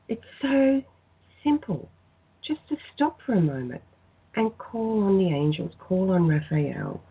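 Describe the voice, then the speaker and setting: A woman, speaking in a soft, earnest, heartfelt way as a spiritual guest on a talk radio show. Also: medium pitch, big pitch swings, unhurried, slightly rough. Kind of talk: phoned-in radio chat, guided prayer. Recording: tinny phone-line sound.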